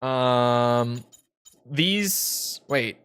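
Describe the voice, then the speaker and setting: A young gaming streamer chats casually with his live chat while he plays, rambling in a relaxed way, leaning on lots of "like" fillers and swearing now and then. His mid-range voice is clean in tone and extremely slow.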